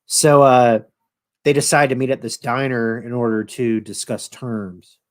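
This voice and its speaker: A man's voice: mid-range voice, fairly even intonation, a little slow. A man hosting his own channel, casually retelling a show in a rambling, profane way with lots of fillers. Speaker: channel host.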